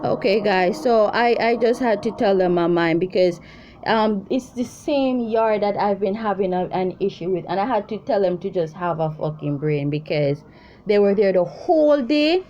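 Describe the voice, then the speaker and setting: A woman's voice: mid-range voice, moderate pace, dark tone, lo-fi sound, a little hiss or hum. A woman, talking to her viewers in a profane, rambling, exasperated rant. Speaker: intuitive reader vlogger. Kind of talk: casual ranting commentary.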